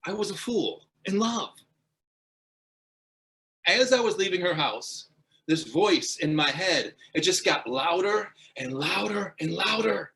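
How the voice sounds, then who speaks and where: Animated man giving a funny speech. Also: on the high side, unhurried. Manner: animated, punchline-driven storytelling. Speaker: guest speaker. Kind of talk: humorous club speech.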